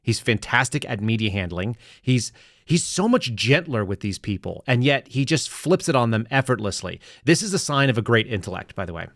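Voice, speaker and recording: A man's voice: medium pitch, sing-song, fairly quick, a bit bright, no echo, clean studio sound. A man hosting a podcast, delivering sarcastic, rambling political commentary with frequent restarts. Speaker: podcast host.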